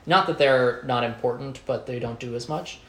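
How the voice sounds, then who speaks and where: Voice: mid-range voice, normal speed, a bit bright. A podcast co-host casually explaining stories, loose and chatty with frequent fillers. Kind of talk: casual chat.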